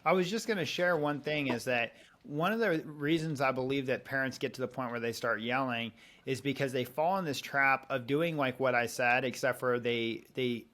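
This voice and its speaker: A man's voice: mid-range voice, a bit bright. A man in his thirties on a podcast, earnestly explaining a parenting method and acting out little example conversations. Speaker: parenting coach guest.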